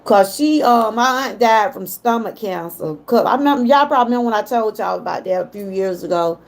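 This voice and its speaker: A woman's voice: medium pitch, expressive, a little fast, vocal fry. A middle-aged woman with a Southern US accent, chatting casually with viewers on a livestream and getting emotional when she talks about her mother. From Georgia, US. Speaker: livestream host.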